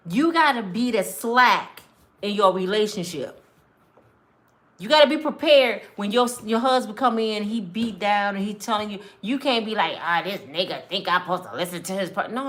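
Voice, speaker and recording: A woman in a mentor role gives a preachy, to-camera monologue on relationships, emphatic and conversational like a street preacher, acting out quotes along the way. She speaks a little slowly in an expressive, mid-range voice.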